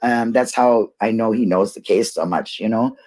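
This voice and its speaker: A woman's voice: rumbling low, moderate pace, mellow. A woman hosting a casual livestream, rambling and laughing as she talks to her viewers. She gets emotional easily. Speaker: YouTube livestream host.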